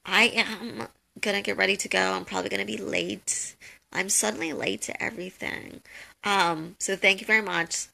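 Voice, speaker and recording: Chatty woman with a gravelly edge. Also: mid-range voice, fairly even intonation, moderate pace, sharp tone. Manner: chatty, jokey, lots of "um" and "like". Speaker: host of a social media tips call. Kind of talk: casual advice talk on a live call.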